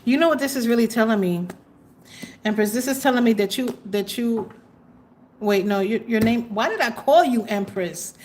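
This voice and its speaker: Casting: higher-voiced woman, casual livestream tarot reader, bursts of excitement, faint hiss underneath. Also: moderate pace. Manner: chatty, exclamatory, trails off with fillers. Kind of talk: live tarot reading chat.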